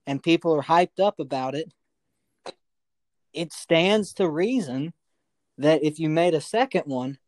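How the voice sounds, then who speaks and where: Argumentative higher-voiced man. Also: lively intonation, a little mellow, no room sound. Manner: argumentative, quick and insistent. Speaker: podcast co-host. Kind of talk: casual debate chat.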